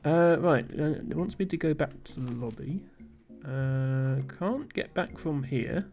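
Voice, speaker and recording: A man's voice: fairly high pitch, a little slow, darkish tone, faint music behind. A man streaming a video game live, thinking aloud with frequent ums and little chuckles.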